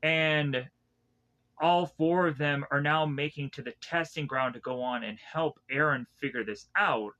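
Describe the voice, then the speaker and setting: A man casually recapping anime episodes in a rambling way, with many restarts, who keeps breaking into animated impressions of the characters. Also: a little high, muffled recording. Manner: rambling, loosely retells scenes with many restarts; acts out characters' lines in a quick, animated way. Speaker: anime reviewer.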